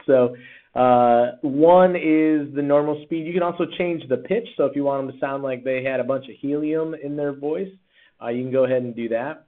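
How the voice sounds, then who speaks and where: A man, a teacher, talking casually through a screen-recorded software tutorial with lots of fillers and restarts. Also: mid-range voice, normal speed. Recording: tinny, phone-like sound.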